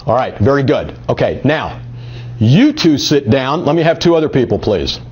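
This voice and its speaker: A man's voice: mid-range voice, big pitch swings, moderate pace, a little mellow, slight background noise. A man giving a live marketing workshop at a meetup, energetically coaxing volunteers from the audience to join in. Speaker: marketing presenter. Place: meeting room at a group meetup. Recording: dull lo-fi audio.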